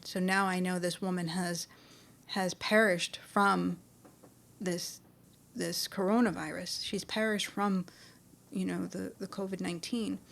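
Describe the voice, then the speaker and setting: A woman's voice: lowish voice, flat delivery, measured pace, gravelly, fairly bright tone. A middle-aged woman telling a personal spiritual story in a loose, conversational way, with many restarts and fillers. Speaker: spiritual speaker.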